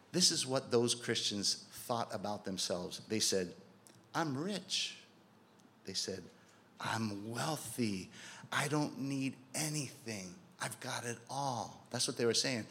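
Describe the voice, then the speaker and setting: A man's voice: medium pitch, fairly bright tone. A man preaching a sermon in a conversational way, asking rhetorical questions and acting out quotes. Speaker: pastor.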